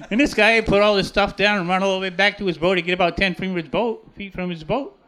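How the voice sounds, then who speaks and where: A man's voice: high voice, steady tone, fast, pushed and bright. A man, a shell fisherman, telling a story with amusement. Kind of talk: storytelling interview.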